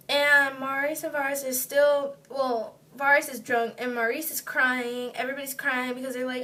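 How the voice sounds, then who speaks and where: High-voiced young woman rambling to camera. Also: fairly even intonation, fairly quick, pushed and bright. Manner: rambling, filler-heavy retelling. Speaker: vlogger. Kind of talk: casual storytelling to camera. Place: indoors at home, seated on a chair. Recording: distant mic, faint room hiss.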